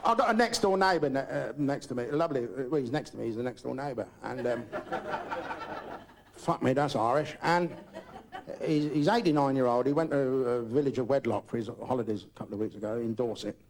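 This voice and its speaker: An older British stand-up comedian rambles through a crude live routine at a comedy club, swearing nonstop. His mid-range voice moves a little fast, and the live recording is noisy.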